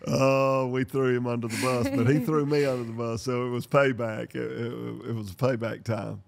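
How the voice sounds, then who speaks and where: Gravelly older man telling stories. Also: mid-range voice, normal speed. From North Carolina, USA. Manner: lively storyteller who acts out dialogue and laughs. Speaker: podcast host. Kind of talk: storytelling podcast chat.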